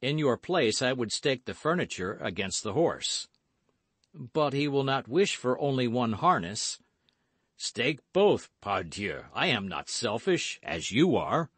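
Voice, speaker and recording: A man's voice: mid-range voice, husky, no echo, pitched above the performer's own voice, exaggerated voice. A man doing a cool, unflappable musketeer. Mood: persuasive. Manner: calm, measured and deliberate. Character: cool, worldly older male musketeer, unflappable.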